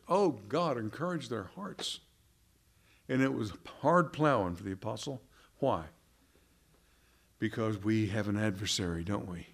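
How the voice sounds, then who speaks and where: A man preaching a sermon, earnest, firing rhetorical questions and often repeating words, rising in pitch and volume for emphasis. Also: lively intonation, unhurried, creaky, pauses often.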